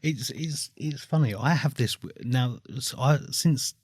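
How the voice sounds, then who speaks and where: A man in his thirties hosting a podcast, easygoing and quick to laugh, often restarting his sentences. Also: mid-range voice, a little mellow, husky, no echo, studio quality. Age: 30s. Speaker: podcast host. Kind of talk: casual podcast conversation.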